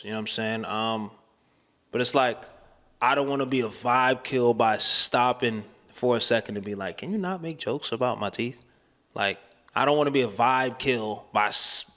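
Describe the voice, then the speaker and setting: Brief: candid male vlogger, bright tone, rambling slangy delivery, long reverb around him. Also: on the low side. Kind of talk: casual talking-to-camera vlog.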